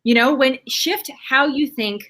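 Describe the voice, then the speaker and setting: Woman on a video call, bright clear voice, coachy and earnest, lots of "you know"s. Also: sits high, measured pace. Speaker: panelist. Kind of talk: casual chat.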